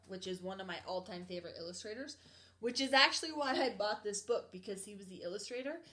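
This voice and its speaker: A woman's voice: medium pitch, a bit bright. Woman with a put-on southern accent reading a kids' storybook, chatty and friendly. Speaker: storybook reader. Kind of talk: reading a picture book aloud.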